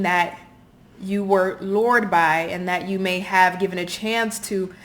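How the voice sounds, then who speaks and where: A woman's voice: medium pitch, slight background noise. Earnest, apologetic woman tarot reader. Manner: earnest, apologetic, repeats phrases, gets emotional. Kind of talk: intuitive tarot reading to camera.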